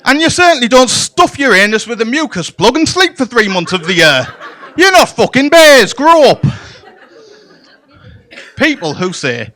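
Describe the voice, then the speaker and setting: A man's stand-up set at a comedy club is bawdy and playful, full of deadpan asides aimed at the audience. He speaks at a moderate pace in a high voice with wide pitch swings.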